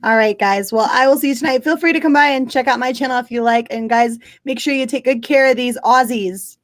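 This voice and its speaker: A woman guest streamer in casual chat, friendly and quick to laugh. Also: on the high side, dry recording.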